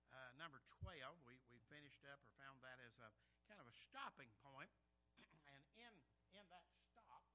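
A man's voice: fairly high pitch, bright, forceful tone, rough recording. A middle-aged man preaching a sermon as pastor in a church, folksy and rambling with restarts. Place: church sanctuary.

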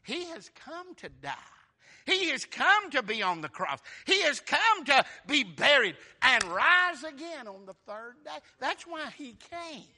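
A male preacher giving a folksy, animated sermon and acting out the scripture characters. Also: very high-pitched, unhurried.

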